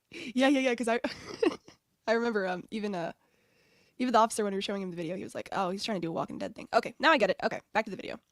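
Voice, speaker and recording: A woman from the United States hosting a live stream, chatting casually with frequent laughs and animated asides. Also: mid-range voice, quick pace, pauses often, no echo, studio quality. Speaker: streamer host.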